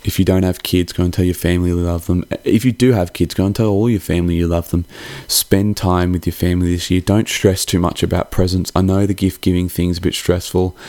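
Man, young adult, very low voice, monotone, rambling, heartfelt, swears casually, dry close mic. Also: no echo. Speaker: podcast host. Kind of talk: casual holiday sign-off.

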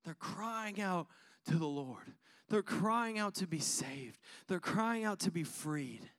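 A man's voice: sits high, animated, slow, fairly bright tone. A man preaching a sermon to his congregation, using repetition and call-and-response. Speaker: pastor.

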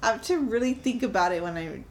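A woman co-hosting a casual podcast chat, animated and laughing often as she talks through a horror film. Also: on the high side, fast talker, a little hiss or hum. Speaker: podcast co-host.

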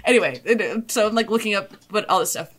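A woman's voice: medium pitch, lively intonation, quick pace, a bit bright. A young woman in her twenties telling a rambling, profane party story on a podcast, full of "like" and giggles. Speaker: podcast co-host. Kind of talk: casual storytelling chat.

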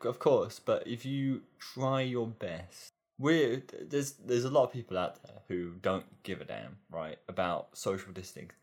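A man's voice: lowish voice, animated, measured pace, hardly any pauses, darkish tone. A man co-hosting a podcast, chatting casually and musing in a hesitant way that repeats words. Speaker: podcast co-host. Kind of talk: casual chat.

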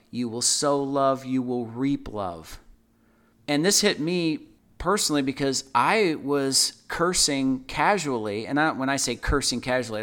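A man's voice: medium pitch, a bit bright. A man co-hosting a Bible discussion, teaching in an earnest, conversational way and often repeating his phrases. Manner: earnest, repeats phrases, acts out everyday quotes. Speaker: Bible study co-host.

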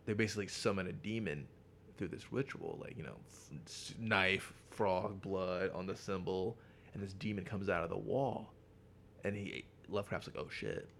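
A man co-hosting a podcast, casually retelling a comic's plot with lots of swearing and quick character voices. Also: sits low, fairly bright tone, a little hiss or hum. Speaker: podcast co-host. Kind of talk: casual comic book chat.

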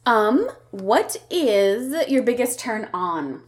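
A woman's voice: on the high side, sing-song, slow pace. A woman co-hosting a casual podcast chat, asking playful questions and joking around. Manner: playful, asks questions, puts on silly voices for laughs. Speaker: podcast co-host.

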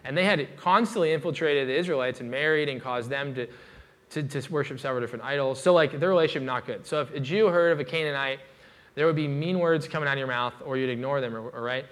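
A man's voice: mid-range voice, quick pace, fairly bright tone. A man preaching a sermon in a loose, casual way, with many fillers and restarts.

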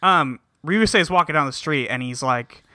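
A man's voice: fairly high pitch, lively intonation, moderate pace, sharp tone, no room sound, studio quality. A man co-hosting a podcast, recapping an episode casually, with lots of fillers and laughs. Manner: laughing, filler-heavy storytelling. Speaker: podcast co-host.

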